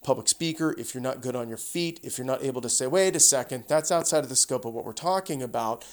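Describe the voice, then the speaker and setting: A middle-aged man hosting a podcast, explaining a topic in a casual, conversational lecture style with restarts and lively retellings. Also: medium pitch, quick pace. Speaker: podcast host.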